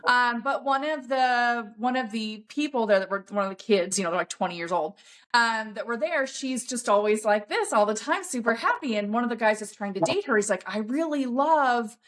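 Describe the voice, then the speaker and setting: A woman's voice: on the high side, animated, a little fast, a bit bright. Blunt swearing woman on a podcast. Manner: emphatic, coaching tone. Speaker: podcast guest. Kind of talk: casual podcast conversation.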